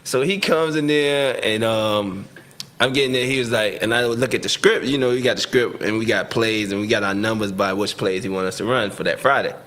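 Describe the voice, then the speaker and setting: A man, a football player guest, telling a story in a casual, slangy and animated way, laughing as he goes. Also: on the low side, brisk. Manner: slangy, lots of "right?" and "you know what I'm saying". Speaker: guest, pro football receiver.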